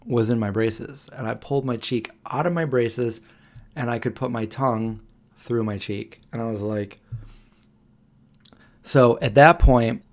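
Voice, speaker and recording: A man's voice: medium pitch, a little mellow. A man in his forties hosting a live Q&A stream, telling a story in a rambling way with many fillers and restarts. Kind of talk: casual storytelling.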